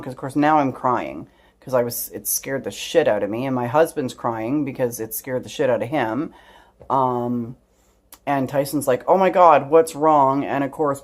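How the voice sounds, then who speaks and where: A woman's voice: a bass voice, darkish tone. A middle-aged woman telling a story to her camera at home, rambling, with frequent ums and asides. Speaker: vlogger. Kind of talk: casual storytelling vlog.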